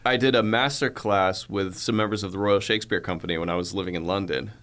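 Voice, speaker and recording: A man, an audiobook narrator, telling relaxed anecdotes as a podcast guest in casual chat. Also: sits low, quick pace.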